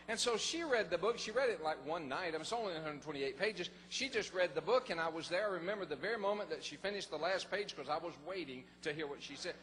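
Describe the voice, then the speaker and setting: Middle-aged pastor, folksy storyteller; bright, forceful tone, faint background noise. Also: male voice, sits high. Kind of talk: sermon testimony. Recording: long hall reverb, faint noise.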